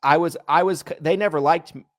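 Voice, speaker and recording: A man's voice: a little high, quick pace, no room sound, clean studio sound. A man co-hosting a podcast, chatting casually and acting out the people in his stories. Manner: animated storyteller, acts out quoted people. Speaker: podcast co-host.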